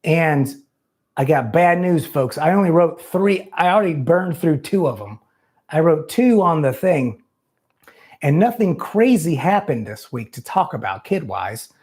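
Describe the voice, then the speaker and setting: A man's voice: on the high side, big pitch swings, unhurried, darkish tone. A man hosting a live call-in show, chatting loosely and profanely, rambling and poking fun at himself. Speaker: host.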